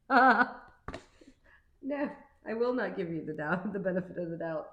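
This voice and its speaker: A chatty woman reads tarot cards in a slightly low voice and rambles from thought to thought with plenty of fillers. She sounds playful and easygoing. Her voice carries an echo from the room. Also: moderate pace, pauses often, a bit bright. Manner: playful, laughs easily. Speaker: tarot card reader. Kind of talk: casual tarot reading.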